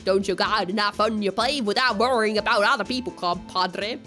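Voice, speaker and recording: A woman's voice: medium pitch, moderate pace, sharp tone, faint music behind, lightly acted. Woman doing a drawling cowboy detective. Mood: folksy. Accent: put-on Western cowboy drawl. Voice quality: drawling, folksy. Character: drawling folksy male cowboy detective, laid-back. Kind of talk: reading game dialogue aloud.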